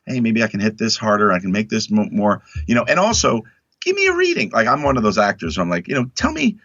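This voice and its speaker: A man talking as a guest in a casual interview, emphatic and animated, acting out quotes in other voices. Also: lowish voice, fast talker, no room sound. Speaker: actor guest. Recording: dull lo-fi dry sound.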